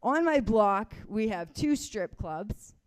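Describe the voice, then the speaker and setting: A young woman from Canada works through a stand-up set in a loose, rambling way, laughing at her own jokes. Her voice is smooth and clear. She sits at a middle pitch. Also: expressive, slow pace. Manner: casual, rambling, self-deprecating, with chuckles. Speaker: stand-up comedian.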